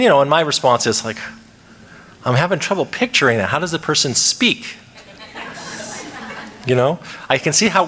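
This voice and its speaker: A man giving a lively lecture at a conference, asking the audience questions and acting out quoted lines. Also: mid-range voice. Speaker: conference speaker. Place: conference hall. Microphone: microphone. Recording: reverberant lecture hall.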